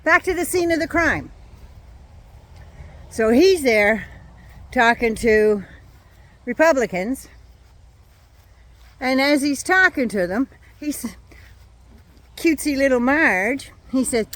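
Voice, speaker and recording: A woman's voice: high voice, animated, slow, pauses often, fairly bright tone. An older woman ranting on her vlog, blunt, indignant and sarcastic. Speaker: vlogger.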